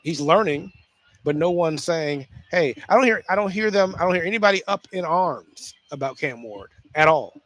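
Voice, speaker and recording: A man hosting a casual solo sports talk show, speaking in an animated way with frequent restarts and repeated phrases. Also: a little high, moderate pace, dry recording.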